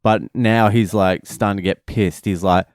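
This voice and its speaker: A man's voice: lowish voice, normal speed, no echo, studio quality. A man, a father, telling a family story in a casual, profane, rambling vlog. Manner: profane, rambling, animated retelling.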